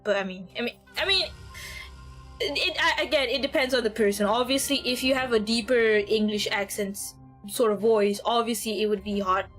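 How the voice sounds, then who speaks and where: A woman's voice: fairly high pitch, moderate pace, fairly bright tone, faint music behind. A young woman streaming a game, with giggly, rambling commentary and frequent laughter. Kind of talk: casual gameplay commentary.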